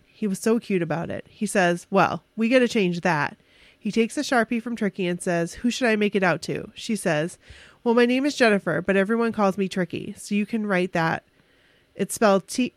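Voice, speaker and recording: A woman casually telling an excited, emotional story on a podcast, with restarts and quick bursts. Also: medium pitch, no room sound.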